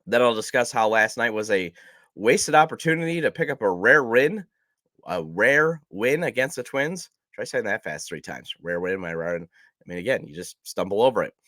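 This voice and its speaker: A man's voice: mid-range voice, lively intonation, moderate pace, sharp tone, no room sound, clean studio sound. A man hosting a casual sports podcast, chatty and self-deprecating, his voice nasal from a cold. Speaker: podcast host.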